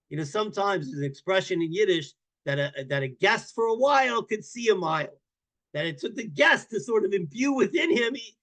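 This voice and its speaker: High-pitched guy rabbi teaching a class, tells stories all animated, keeps repeating himself, gets loud on the big points. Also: brisk. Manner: animated storyteller, repeats words, bursts of loud emphasis. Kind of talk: Torah class storytelling.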